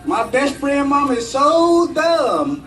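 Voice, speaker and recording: A man voicing a calm, folksy male dog catcher with a drawling, reassuring way of talking. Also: extremely high pitch, takes it slowly, soft background music, pitched above the performer's own voice, full character voice. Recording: echoey room, from far off.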